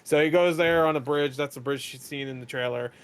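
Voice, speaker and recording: A young man hosts a podcast, rambling and cursing as he recaps a movie and quickly acts out its characters in paraphrase. His voice is fairly high and smooth.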